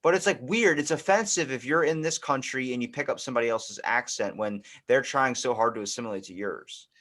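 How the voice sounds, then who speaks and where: A man hosting a podcast in casual chat, with a relaxed, earnest way of talking. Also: mid-range voice, fairly quick. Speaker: podcast host.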